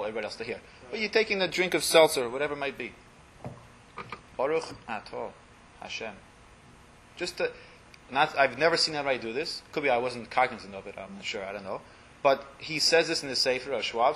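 With a medium-pitched voice and slight background noise behind him, a man teaches a small group in a religious class. He explains as he goes, translating Hebrew blessings line by line and often trailing off quietly.

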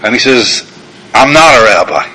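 A man's voice: medium pitch, expressive, normal speed, pushed and bright, husky, low-quality recording. An older man, a rabbi, giving a talk and telling a story in a self-deprecating, storytelling manner, acting out the characters. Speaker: rabbi and guest lecturer. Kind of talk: sermon-style talk with anecdote.

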